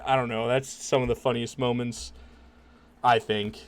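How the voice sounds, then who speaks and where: Man, podcast host, relaxed casual chat, cursing, smooth clear voice, mid pitch. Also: moderate pace. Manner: laid-back, swears a lot, laughs easily.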